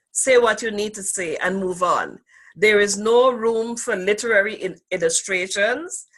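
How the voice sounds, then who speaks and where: A woman lecturing to a class over a video call. She speaks at an unhurried, measured pace and leans on key words to stress them, and her pitch sits in a middle range. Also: a bit bright. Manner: slow, deliberate, emphasizing key words. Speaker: instructor.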